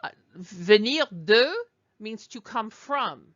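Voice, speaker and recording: A woman teaching a language lesson over slides, explaining slowly and digressing as she goes. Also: mid-range voice, animated, a bit bright, lo-fi sound. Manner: explanatory, digressive, with fillers and restarts. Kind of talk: recorded lecture over slides.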